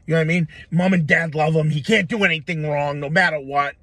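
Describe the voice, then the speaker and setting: A man's voice: fairly high pitch, steady tone, fast, pushed and bright, dry recording. A man from Massachusetts in a casual comedic rant, rambling and swearing, full of "like" and "you know".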